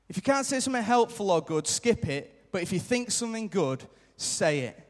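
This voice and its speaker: A man preaches a live sermon in a church hall, his high-pitched voice swinging widely in pitch at a normal speed with few pauses. He is earnest, repeats his key lines for emphasis, and sometimes acts out short quoted remarks. The recording carries the natural reverb of the hall.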